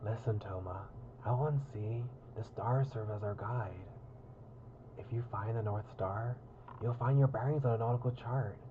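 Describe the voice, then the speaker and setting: A man's voice: fairly low pitch, moderate pace, lightly acted. Guy doing a playful pirate accent, big-kid captain voice, bit muffled with faint hiss. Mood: instructive. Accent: pirate accent put on. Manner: bold, boisterous storytelling. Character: childish energetic young man playing pirate captain.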